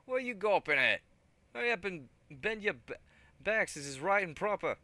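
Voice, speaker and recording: Man doing a thuggish male gang leader, game dialogue, loud, pitched up, drifting fake accent, bright forceful tone. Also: expressive, moderate pace, dry recording. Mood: barking. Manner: loud, boastful and wheedling, with a put-on accent that drifts. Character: big pockmarked male gang leader, brash thug. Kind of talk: reading game dialogue aloud.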